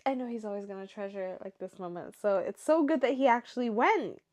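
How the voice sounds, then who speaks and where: Speaking briskly, this young woman has a mid-range voice with a darkish tone. She hosts a show where she reads stories aloud, then breaks off to react in an emotional, chatty way.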